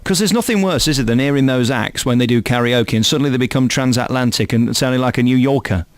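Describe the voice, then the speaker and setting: A man's voice: mid-range voice, fast talker, no room sound. A man hosting a radio interview, effusive and jokey with his guest. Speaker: radio host.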